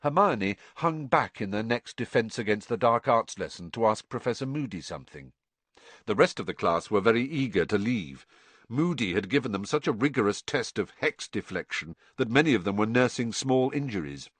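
A man reading an audiobook with expressive storytelling. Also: medium pitch, dry recording. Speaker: narrator.

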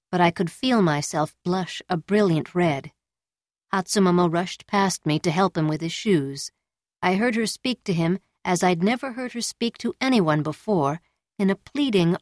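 A woman reading a novel aloud in measured, scripted narration. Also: fairly low pitch, no room sound, studio quality. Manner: measured, storytelling. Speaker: audiobook narrator.

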